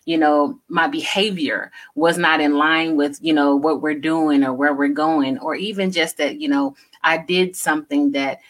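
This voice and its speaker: A woman's voice: low-pitched, steady tone, normal speed, few pauses. A woman co-hosting a casual talk show, explaining things earnestly and often saying "you know". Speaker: co-host.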